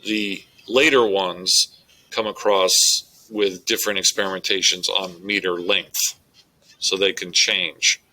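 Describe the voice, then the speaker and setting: A man's voice: deep voice, fairly even intonation, measured pace, sharp tone, rough recording. A male English teacher giving a methodical, explanatory recorded lecture on poetry.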